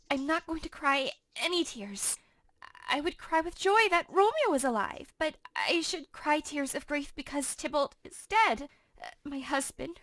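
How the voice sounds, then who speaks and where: A woman's voice: very high voice, fairly bright tone, dry recording, pitched above the performer's own voice, full character voice. A woman reading as a passionate, distraught young teenage girl in a dramatic reading for a class. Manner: emotional dramatic reading in modern paraphrase.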